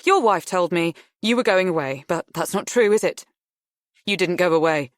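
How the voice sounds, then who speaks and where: A woman voicing a distraught mother who protests in a shrill, rising voice. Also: lively intonation, moderate pace, dry recording, clean studio sound, close to an everyday voice. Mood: indignant. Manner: shrill, squawky indignation. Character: distraught middle-aged mother, indignant.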